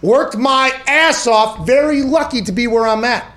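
A man in his thirties hosting a casual sports podcast, animated and ranting, swearing freely. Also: very high voice, moderate pace. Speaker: podcast host.

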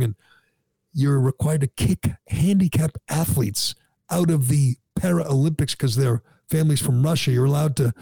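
A man's voice: medium pitch, gravelly, dark tone, slightly rough, no room sound. A man hosting a talk show, ranting in an indignant, sarcastic way. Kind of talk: opinionated talk radio chat.

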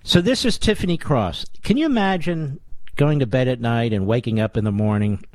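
A man hosting a talk radio show, delivering a combative, sarcastic monologue full of mocking rhetorical questions, his voice rising high in indignation. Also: expressive, normal speed, no room sound. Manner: voice climbs high and loud in indignation.

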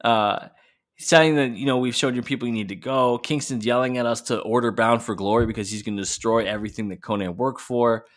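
A man's voice: mid-range voice, fairly even intonation, brisk. A man co-hosting a podcast, chatting casually and swearing freely while recapping a wrestling show. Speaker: podcast co-host.

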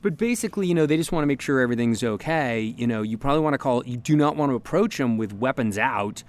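A man's voice: medium pitch, animated, quick pace. A man from the United States, a podcast guest, chatting casually and rambling with many restarts and fillers.

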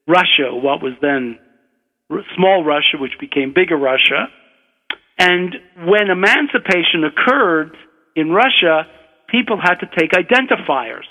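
Older man telling a wry story on the radio. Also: high voice. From Brooklyn, USA. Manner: relaxed, wry raconteur. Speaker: physician and author guest. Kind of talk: anecdotal storytelling. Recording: dull radio broadcast, long reverb.

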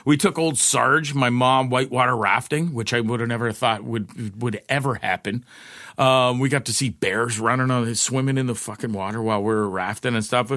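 A man's voice: mid-range voice, normal speed, a bit bright. A man telling rambling personal stories in a casual, profane way, laughing often. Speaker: storyteller.

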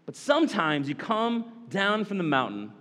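Animated preacher in a reverberant hall. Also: male voice, high-pitched, normal speed. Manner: animated preaching, casual asides. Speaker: pastor. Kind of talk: sermon.

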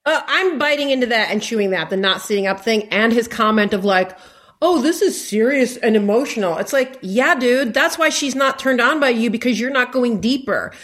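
A woman's voice: on the high side, fairly quick, hardly any pauses, fairly bright tone. A woman guest on a podcast, giving her opinion in casual chat.

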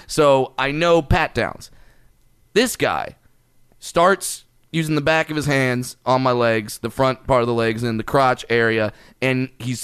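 A man casually telling a profane, animated story in a podcast chat, getting louder and higher as it builds. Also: measured pace, clean tone, no room sound, clean studio sound.

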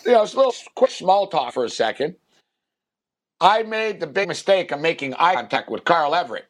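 A man's voice: on the high side, big pitch swings, fairly quick, fairly bright tone. A man telling a long, rambling anecdote on a sports podcast, full of fillers and acted-out quotes. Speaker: podcast co-host. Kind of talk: casual storytelling.

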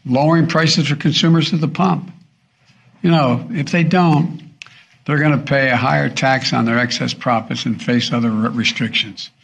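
An older man giving a prepared political speech, halting and stumbling over words. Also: medium pitch, creaky, a bit bright, a little hiss or hum. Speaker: politician in a played clip.

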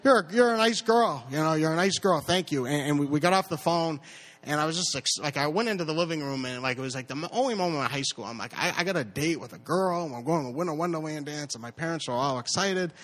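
A man telling a personal story live, stammering and repeating words, with lively impressions of others. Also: fairly high pitch, fast.

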